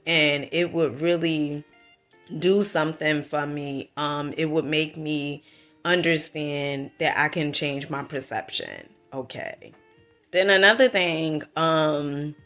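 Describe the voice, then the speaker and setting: A woman's voice: sits low, a bit bright. A woman with a Southern US accent giving a motivational talk to the camera, emphatic and preachy, calling the listener honey and checking in with "right?" and "okay?". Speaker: vlogger.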